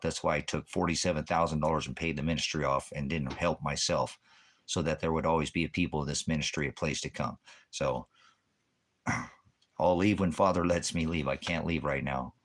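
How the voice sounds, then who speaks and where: A man hosting a ministry livestream, ranting in a heated, profane, rambling way and quoting scripture. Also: rumbling low. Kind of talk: angry livestream rant.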